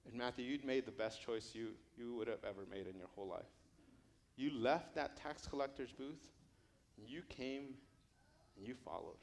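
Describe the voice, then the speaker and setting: Jesus as an earnest teacher, put on by a male preacher. He presses his disciple with repeated, searching questions at a plain middle pitch. The appeals build toward urgency. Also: moderate pace, vocal fry, close to an everyday voice. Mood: urgent.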